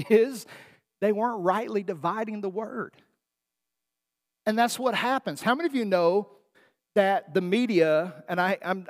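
A man preaching a sermon in a folksy, emphatic way, asking his listeners rhetorical questions. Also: sits high. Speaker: pastor. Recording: long hall reverb.

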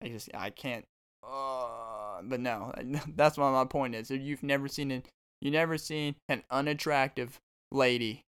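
A man's voice: medium pitch, fairly even intonation, a little slow, fairly bright tone, clear, resonant tone. A man hosting his own podcast as a stand-up comedian, rambling and joking straight to his listeners. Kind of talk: casual comedic monologue.

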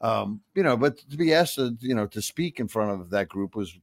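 A man's voice: lowish voice, animated, moderate pace, no room sound, clean studio sound. A man co-hosting a casual sports talk show, rambling with many restarts and fillers. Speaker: co-host.

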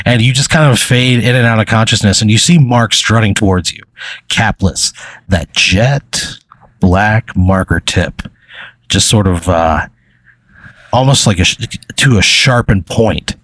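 A man's voice: fairly low pitch, moderate pace, a bit bright, no room sound. A man running an improvised story game as game master, rambling with many fillers and chuckles.

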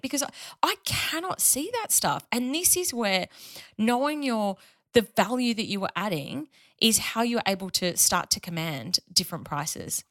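Bright, emphatic Australian woman. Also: fairly high pitch. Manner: emphatic, animated storyteller. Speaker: money mentor guest. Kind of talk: casual podcast chat.

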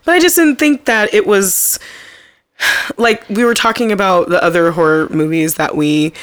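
A woman's voice: medium pitch, moderate pace, no echo, clean studio sound. A young woman co-hosting a podcast, casually recapping a horror movie in a rambling way, full of fillers and frequent laughter. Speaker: podcast co-host.

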